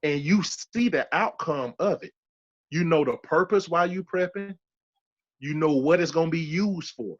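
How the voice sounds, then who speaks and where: A man's voice: a little high, measured pace, muffled recording. Emphatic man in his thirties giving testimony. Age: 30s. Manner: emphatic, repeats key phrases for weight. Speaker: podcast guest giving a testimony. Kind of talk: emotional personal testimony.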